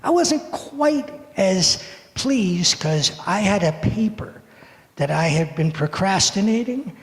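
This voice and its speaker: A man in his seventies tells a true story to the whole congregation with playful, animated delivery. His voice sits high for a man and has a gravelly edge. It is recorded in a sanctuary with long reverb. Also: slow. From United States. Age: 70s. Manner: animated, playful storyteller who acts out moments. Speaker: guest speaker telling a story for all ages. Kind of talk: storytelling in a service. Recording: echoey hall reverb.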